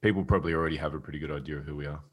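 A man co-hosting a podcast, speaking in a measured, reflective way with hesitant fillers. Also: very deep voice, steady tone, breathy edge. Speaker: podcast co-host. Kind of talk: casual chat.

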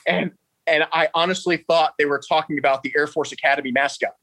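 A man's voice: on the high side, fast talker, low-quality recording. A man, a podcast guest telling stories animatedly and laughing often. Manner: animated, laughs often, quotes others in raised voice. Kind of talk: casual storytelling.

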